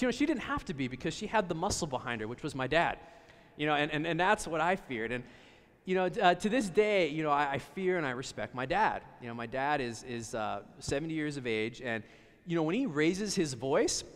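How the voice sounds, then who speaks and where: Conversational pastor in a reverberant hall. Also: male voice, a little high. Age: 30s. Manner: conversational, many fillers and repeats. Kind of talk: sermon with personal story. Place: church sanctuary.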